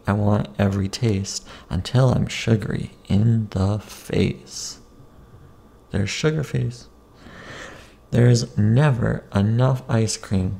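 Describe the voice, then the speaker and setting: A man's voice: on the low side, steady tone, takes it slowly, creaky, mellow. A man reading his own children's picture book aloud in a playful, sing-song way, chanting silly rhymes and adding asides about the pages.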